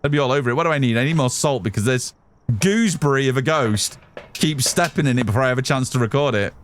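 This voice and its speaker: Mid-range in pitch and fast-talking, a man from the United Kingdom plays a game live and chats with his audience, reading out and answering their messages. A little hiss or hum can be heard.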